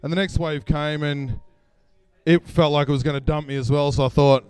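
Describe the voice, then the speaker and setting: On stage at a live event, an Australian man tells a personal story into a stage microphone, casual and self-deprecating, chuckling through his lines. His voice is on the high side, steady and smooth with a darkish tone, at a normal speed. Soft music plays in the background.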